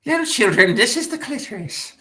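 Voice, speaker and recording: A man voicing a giggly, high-voiced teacher in a put-on Irish accent. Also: big pitch swings, a little fast, pushed and bright, exaggerated voice. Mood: giggly lecturing. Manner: squeaky, breaking into giggles.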